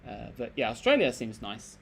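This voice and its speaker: A man's voice: mid-range voice, big pitch swings, normal speed, creaky, a bit bright, a little hiss or hum. A man hosting a live stream, chatting casually and reading out comments in a rambling, laid-back way with lots of fillers and restarts.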